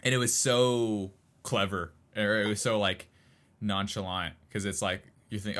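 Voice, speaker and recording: Man, deep voice, bright tone, casual podcast co-host, rambling, lots of fillers. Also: fairly even intonation, normal speed. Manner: rambling, laughs often, many fillers.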